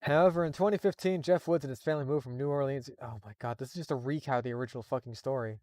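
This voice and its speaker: A man's voice: mid-range voice, racing, mellow, no echo, clean studio sound. A man reading a horror story live, breaking off for exasperated, profane asides. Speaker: streamer reading creepypasta.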